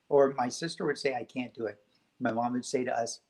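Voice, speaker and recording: A man speaking as a guest on a spiritual talk show, telling stories in a gentle, reflective way. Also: medium pitch, steady tone, quick pace, poor audio.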